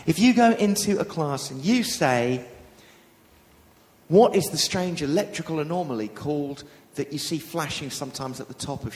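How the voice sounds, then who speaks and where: Minister with a handheld mic, mid-high voice ringing in a reverberant church hall, lively and dramatic. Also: male voice. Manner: animated, acts out quoted figures with vivid emphasis. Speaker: Baptist minister. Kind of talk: sermon. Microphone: handheld microphone.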